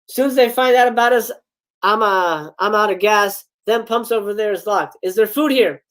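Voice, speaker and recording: A man voicing a large, crude rural truck driver who talks in a slow drawl, reading a script aloud. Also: high voice, fairly bright tone, pitched above the performer's own voice. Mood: gruff, urgent. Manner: slow Southern-style drawl.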